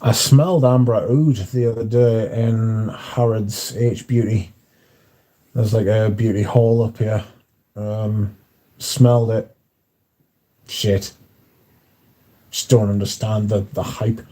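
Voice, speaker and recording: Male streamer, very dark mellow tone, dry offhand delivery, reads chat and answers briefly. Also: on the low side, steady tone, slow pace, pauses often. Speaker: livestream host reading chat. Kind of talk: casual chat.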